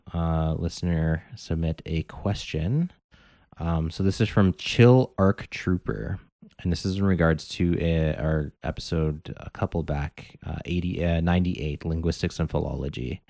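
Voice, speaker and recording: A man's voice: sits low, measured pace, darkish tone, dry recording, studio quality. A man co-hosting a podcast, talking casually and rambling with many filler words. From Canada. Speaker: podcast co-host. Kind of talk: casual chat.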